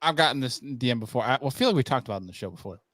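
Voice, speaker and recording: A man's voice: mid-range voice, expressive, racing, fairly bright tone, no room sound. A man hosting a podcast, explaining things in an easygoing way. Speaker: podcast host. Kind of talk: casual podcast chat.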